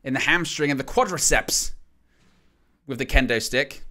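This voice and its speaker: Bright-voiced man calling wrestling live. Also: medium pitch, moderate pace. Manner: joking, excitable play-by-play with laughs. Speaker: watch-along host. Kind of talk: live wrestling watch-along commentary.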